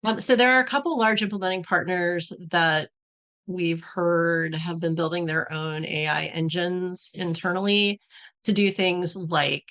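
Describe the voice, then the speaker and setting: A woman speaking as a podcast guest, explaining points in a measured, steady way with some fillers. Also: lowish voice, smooth. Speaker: podcast guest, company executive. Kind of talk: casual podcast discussion.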